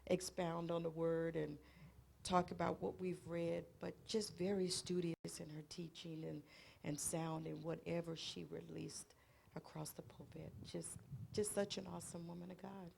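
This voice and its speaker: A woman guest on a radio interview, telling family stories in a lively way and repeating phrases for emphasis. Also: lowish voice, moderate pace, vocal fry, slight background noise.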